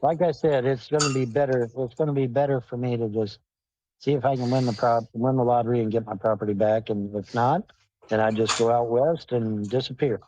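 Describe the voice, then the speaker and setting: A man's voice: mid-range voice, steady tone, fairly quick, dark tone, slight background noise. A man hosting a livestream, rambling and swearing as he answers questions from the chat while in a car. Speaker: livestream host. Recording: dull, dry lo-fi stream audio.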